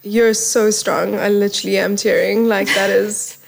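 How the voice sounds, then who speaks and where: A woman's voice: medium pitch, steady tone, normal speed, creaky. A woman hosting an interview, encouraging and affirming her guest as she listens. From South Africa. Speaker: podcast host. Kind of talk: conversational interview.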